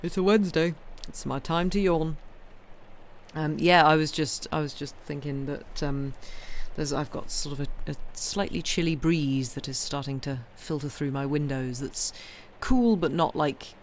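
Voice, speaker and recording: A woman's voice: low-pitched, a little slow, a little hiss or hum. A woman hosting a livestream from home. She chats with viewers in a rambling way and says she is tired. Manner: rambling and chatty, replies to chat messages, many ums. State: tired, yawning. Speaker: livestream host reading books aloud. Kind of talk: casual chat with viewers.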